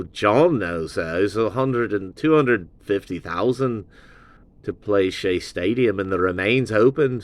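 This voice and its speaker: A man hosting a show and giving a casual, rambling album review full of loose asides. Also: lowish voice. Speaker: host.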